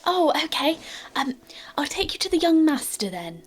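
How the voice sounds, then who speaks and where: Uma mulher fazendo uma governanta maternal e agitada, de voz aguda e alegre, numa partida de RPG de mesa, com música baixinha ao fundo. A voz sobe bem acima do tom normal e tem um jeito apressado e cuidadoso. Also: female voice, big pitch swings, normal speed, soft background music. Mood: chirpy. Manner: high, chirpy and fussing. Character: bustling motherly middle-aged housekeeper woman.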